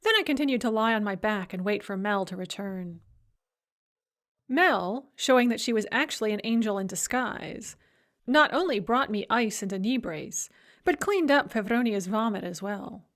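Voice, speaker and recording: A woman's voice: mid-range voice, expressive, moderate pace, fairly bright tone. A woman reading an audiobook in a wry, dry first-person storytelling voice. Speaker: audiobook narrator.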